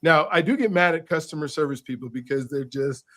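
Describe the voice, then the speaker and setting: A man, an author and podcast guest, telling a story in an animated, casual way and often repeating words as he restarts. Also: a little high, a little fast.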